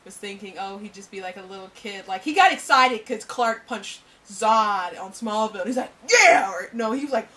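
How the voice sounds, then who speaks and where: A woman co-hosting a casual movie review chat, gushing and trailing off softly. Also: medium pitch, normal speed, few pauses, recorded from a distance, rough recording. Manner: gushing, trails off softly, bursts into loud impressions. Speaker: co-host of a movie review show. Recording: voice from away from the mic.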